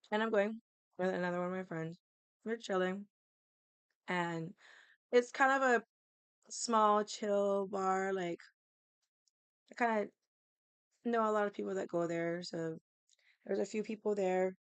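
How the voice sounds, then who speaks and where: A woman's voice: medium pitch, measured pace, pauses often, clear, resonant tone, no echo. A woman livestreamer telling a story in casual, rambling speech, swearing constantly as she talks. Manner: restarts and fillers, loosely paced.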